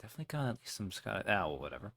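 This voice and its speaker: A man's voice: fairly low pitch, very animated, very fast, vocal fry, fairly bright tone, slight background noise. A man hosting a let's play, giving rambling, self-deprecating commentary between lines. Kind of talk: casual gameplay commentary.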